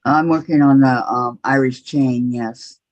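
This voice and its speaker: A woman's voice: very deep voice, fairly even intonation, a little slow, darkish tone. A woman hosting a quilting group's video call, chatty and reassuring, laughing often. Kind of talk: casual video call chat. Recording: dull lo-fi video call audio.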